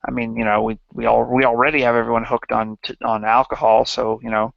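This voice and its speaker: A man hosting a livestream in casual satirical chat, halting and rambling with many restarts. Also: medium pitch, little pitch movement, creaky, dry recording, highs cut off. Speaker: livestream host.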